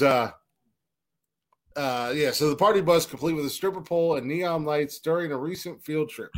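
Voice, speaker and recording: A man hosting a comedy podcast, reading odd news headlines and riffing with swearing and laughter. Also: a little high. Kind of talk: casual comedy chat.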